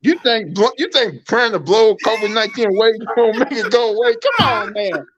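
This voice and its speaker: A man's voice: sits high, animated, a little fast. Joking guy co-hosting, mocking everything, muffled lo-fi sound. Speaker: co-host. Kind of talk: casual commentary chat. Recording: dull lo-fi audio.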